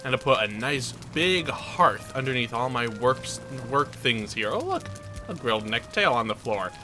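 A man's voice: medium pitch, very animated, moderate pace, music in the background. A man giving playful, chatty let's play commentary as he tours his game base, joking at his own expense. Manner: playful, chatty and self-mocking. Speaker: gaming channel host.

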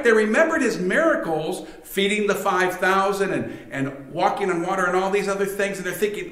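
A pastor giving a sermon in a conversational way, with many fillers and restarts. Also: male voice, high voice, animated, normal speed, hardly any pauses, fairly bright tone. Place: church sanctuary. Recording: echoey church room.

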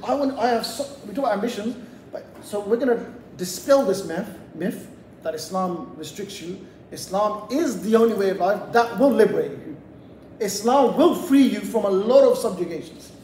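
A man's voice: high voice, a little mellow, a little hiss or hum. A man from England giving a motivational lecture to young people in a community hall, telling a casual story with lots of asides. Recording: echoey hall, voice heard from a distant mic.

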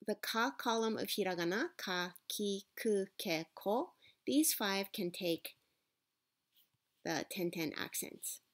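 Slow, patient woman teaching a language. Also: medium pitch. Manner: slow, patient, with fillers and rhetorical "right?". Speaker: Japanese teacher. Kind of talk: explaining a language lesson.

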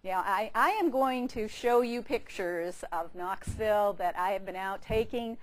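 A woman's voice: medium pitch, a little slow. A woman curator giving a chatty, good-humoured public lecture in a museum lecture room, speaking into a handheld microphone, with frequent fillers and restarts. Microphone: handheld microphone with a power pack.

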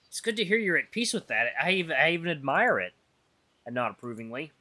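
A man's voice: on the high side, sing-song, fairly quick, bright, forceful tone. A man voicing a playful human traveler as he reads a visual novel aloud, with a wry, teasing delivery. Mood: admiring. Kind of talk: voiced visual novel reading.

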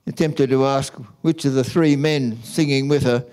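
A man, a Catholic priest, giving a homily in a slow, measured storytelling manner. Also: mid-range voice, steady tone, darkish tone.

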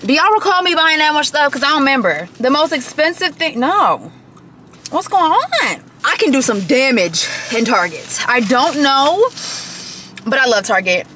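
A woman's voice: high-pitched, sing-song, normal speed, sharp tone, slight background noise. A woman in her twenties talking casually while vlogging, chatty and joking as she tells stories. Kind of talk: casual chat.

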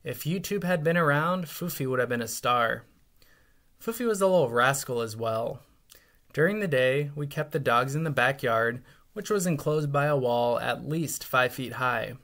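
A man, a teacher, reading a memoir aloud with lively, expressive storytelling. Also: medium pitch.

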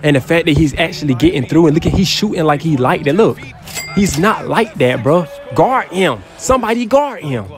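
A young man giving casual, excitable gameplay commentary, trash-talking and breaking into loud yells. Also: a little high, normal speed, faint music behind. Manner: excitable trash talk, bursts into yelling. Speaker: gaming YouTuber.

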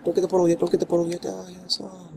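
At home with his dogs nearby, a let's play gamer casually comments on his gameplay, playfully cooing baby talk at his character and swinging from muttering to exclamations. His high, gravelly voice comes rapid-fire with a completely flat delivery, over loud music.

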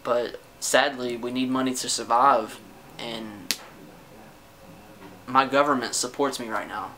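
A man's voice: medium pitch, pushed and bright, slight background noise, rough recording. A young man venting to his camera in a casual personal rant, defensive and frustrated, swearing a lot and often stopping to restart his sentences. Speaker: vlogger. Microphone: camera mic.

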